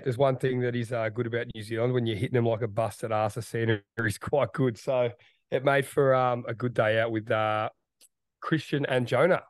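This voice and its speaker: A laid-back Australian man co-hosts a sports podcast with a croaky voice from being sick. He talks in a relaxed, halting way and often pauses with ums. The sound is dry and close, with no room echo. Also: mid-range voice. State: croaky, recovering from illness. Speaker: podcast co-host. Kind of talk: casual sports podcast chat.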